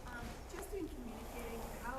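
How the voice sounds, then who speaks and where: A woman in the audience asking a question in a hesitant, halting way. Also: a little high, animated. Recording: distant, roomy, noisy.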